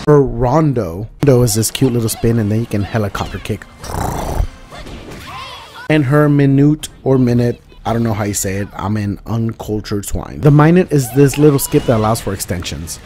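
A man giving joking, profane commentary over a fighting game, dropping into mumbled asides and rising into loud outbursts. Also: on the low side, brisk, hardly any pauses, faint music behind. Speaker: gaming video host. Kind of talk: casual gameplay commentary.

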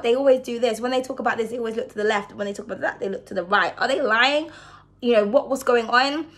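A woman's voice: a little high, a bit bright. A woman giving a casual card reading to her viewers, chatty and reassuring, often checking in with "okay?". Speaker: tarot card reader.

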